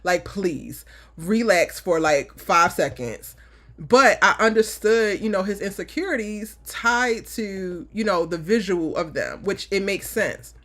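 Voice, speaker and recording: A woman's voice: mid-range voice, a little slow, fairly bright tone. A woman hosting a live TV recap show, talking bluntly and emphatically, cursing and acting out her reactions. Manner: blunt, emphatic, swears, acts out what she said. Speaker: host. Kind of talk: live aftershow recap chat.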